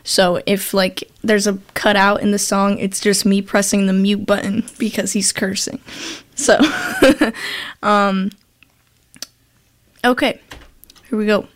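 A woman's voice: medium pitch, flat delivery, slow, pauses often. A young woman hosting a college radio show, chatting casually in a rambling, giggly, self-deprecating way into a studio microphone. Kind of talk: casual chat.

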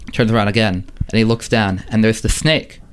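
A man casually telling a dramatic story to a friend, relaxed with dramatic pauses and fillers. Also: fairly low pitch, a little hiss or hum.

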